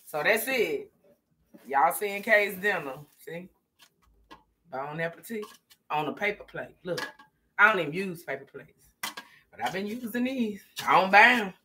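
A woman vlogging in a relaxed, chatty way, talking straight to her viewers and laughing often. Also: mid-range voice, a little slow, long pauses, background noise. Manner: chatty, folksy, laughs often, addresses viewers as "girl" and "y'all". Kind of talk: casual chat to viewers while eating.

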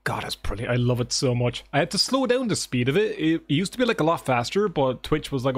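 A man streaming a game live, chatting casually with his viewers in an excitable, joking way and swearing often. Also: mid-range voice, quick pace, few pauses. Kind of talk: casual livestream chat with viewers. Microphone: desk microphone.

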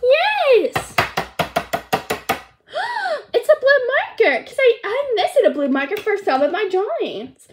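A woman voicing an excited young female rescue pup in a noisy home recording, squealing with delight. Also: very high voice, drawn-out words, long pauses, full character voice. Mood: overjoyed.

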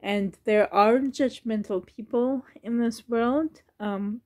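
Speaking slowly in a slightly high, somewhat mellow voice, a woman in her thirties chats on her vlog. The reborn doll collector and YouTuber sounds sensitive, almost tearful, and laughs nervously.

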